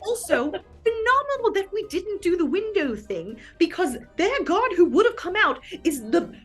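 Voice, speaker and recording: A woman's voice: extremely high pitch, normal speed. A woman playing in a tabletop game, chatting casually with frequent laughs and jokes. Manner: giggly, animated and joking. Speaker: player. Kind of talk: casual tabletop play chat.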